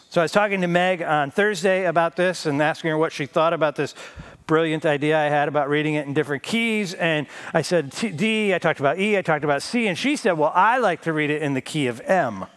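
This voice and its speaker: A man's voice: a little high, fairly bright tone. A male pastor giving a conversational sermon with a self-deprecating sense of humor.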